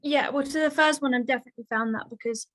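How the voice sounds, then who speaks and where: A woman's voice: high-pitched, quick pace, fairly bright tone. A young woman, a conservationist and author answering interview questions in an articulate, earnest way. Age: young adult.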